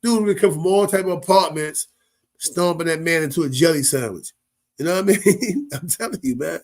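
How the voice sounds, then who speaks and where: A man's voice: fairly high pitch, fairly quick. A man giving casual, slangy commentary as a show host, often laughing and asking "you know what I mean". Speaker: show host reacting to viral clips.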